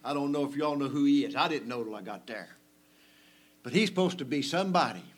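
A male preacher, delivering a folksy, conversational sermon that swings between loud emphasis and hushed asides. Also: mid-range voice, animated, quick pace.

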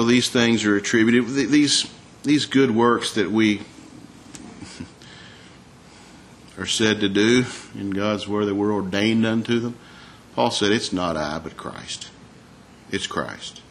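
A man preaching a sermon in a conversational way, asking the congregation rhetorical questions and reading scripture aloud more slowly. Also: lowish voice, a bit bright, a little hiss or hum. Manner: reads scripture aloud in a slower, raised voice.

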